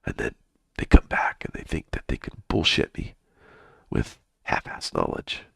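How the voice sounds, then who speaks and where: A man's voice: extremely low pitch, huge pitch swings, measured pace, creaky, pushed and bright, husky, dry recording, studio quality. A man hosting a live trading stream, chatting casually and with plenty of swearing, often mumbling in a half-whisper.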